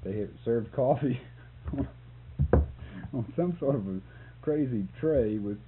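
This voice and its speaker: A man's voice: medium pitch, slow. A man telling a story about a photography job in a recorded interview, often laughing as he talks. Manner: laughs often, animated when telling the punchline. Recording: tinny lo-fi tape with hum.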